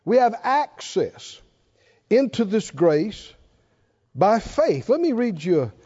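A man preaching a sermon, swinging between loud, animated calls and hushed asides. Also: high voice, slow, breathy edge, lo-fi sound. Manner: animated preaching, mimics whiny voices and swings from shouting to hushed.

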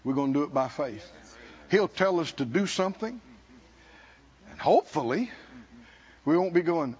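A man preaching a sermon at a conference, emphatic and sometimes shouting, calling out to the congregation, in a dull lo-fi recording. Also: a little high, expressive, normal speed, pauses often, breathy edge. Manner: emphatic, shouting at peaks, laughing, call-and-response.

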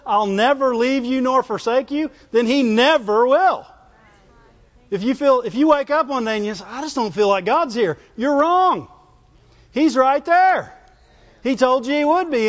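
A man's voice: extremely high pitch, in a large hall, lo-fi sound. A man preaching a sermon in a folksy, call-and-response way, asking the congregation to answer back.

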